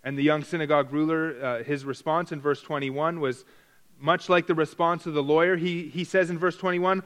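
Fairly high-voiced male preacher teaching. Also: steady tone, fairly bright tone. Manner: deliberate, stresses key words through repetition; frequent restarts and self-corrections. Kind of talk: verse-by-verse Bible teaching.

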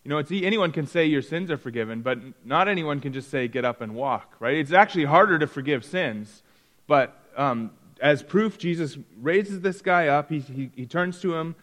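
A man's voice: fairly high pitch, lively intonation, moderate pace, a bit bright. Man teaching Bible class in echoey hall. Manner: conversational, asks the class questions. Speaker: Sunday school teacher.

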